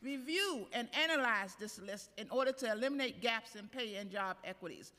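A woman's voice: a little high, lively intonation, moderate pace, pushed and bright. A woman union president giving earnest, emphatic testimony at a city council hearing. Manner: earnest, emphatic, reads prepared points. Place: council chambers at city hall. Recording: council chamber, long reverb.

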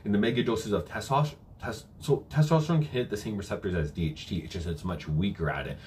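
A man's voice: lowish voice, fast talker, a little mellow, a little hiss or hum. A young man coaching viewers through a live-stream Q&A at home, reading chat questions aloud and answering casually with many fillers. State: briefly out of breath.

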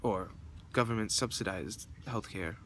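Shivering outdoors by a busy road, a young vlogger rants to his phone camera, rambling and cursing heatedly. He speaks a little slowly in a low, slightly bright voice over the noise of passing traffic.

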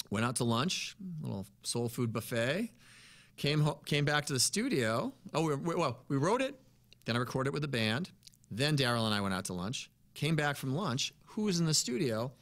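Bright-voiced musician telling stories. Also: male voice, mid-range voice, sing-song, moderate pace. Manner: easygoing, rambling, peppered with "you know" and "man". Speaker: musician guest. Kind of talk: casual interview storytelling.

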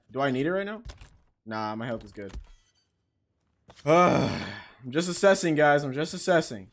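A man giving casual let's-play commentary, excitable, swearing and reading game text aloud. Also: medium pitch, unhurried. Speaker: gaming channel host.

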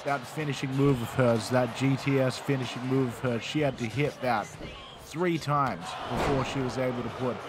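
A man's voice: mid-range voice, steady tone, normal speed. Man calling a wrestling game, noisy. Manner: rambling, lots of fillers and restarts. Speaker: play-by-play commentator. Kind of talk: casual video game commentary.

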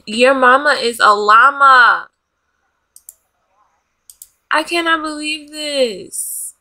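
A woman's voice: high-pitched, drawn-out words, bright, forceful tone. A woman hosting a life-sim let's play, giving dramatic commentary as she bosses and scolds the game characters. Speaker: gaming channel host. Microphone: desk USB microphone.

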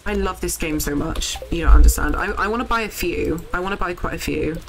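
A young woman streaming a farming game, chatting casually to viewers, excitable and swearing freely. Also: fairly low pitch, a little fast, faint music behind, rough recording. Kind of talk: casual live game commentary.

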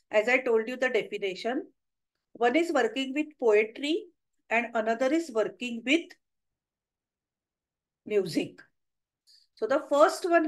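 A woman's voice: fairly high pitch, rough recording. A middle-aged woman with an Indian English accent, giving a webinar lecture and working through examples step by step. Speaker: webinar presenter on math history. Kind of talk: lecture with slides.

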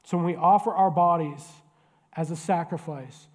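A man's voice: on the high side, moderate pace. A man in his forties, a pastor preaching a sermon in a church sanctuary, talking conversationally with jokes and direct questions to the congregation. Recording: long church hall reverb.

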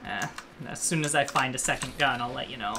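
Brief: low-pitched female streamer, joking and cursing over a clacking keyboard. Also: a little fast, noisy background. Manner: swears freely, playful, joking. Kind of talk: casual gaming chat. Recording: clear keyboard typing behind.

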